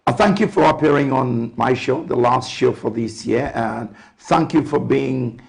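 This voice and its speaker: An older man from Zambia hosting a TV interview show, talking in an unhurried way with fillers and warm sign-off phrases. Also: medium pitch, gravelly. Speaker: TV talk show host.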